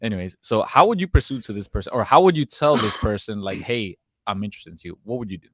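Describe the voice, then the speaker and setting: Quick lively man hosting a podcast. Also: fairly low pitch, no echo, muffled recording. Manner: quick, loud, laughs often. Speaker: podcast co-host. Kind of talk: casual chat.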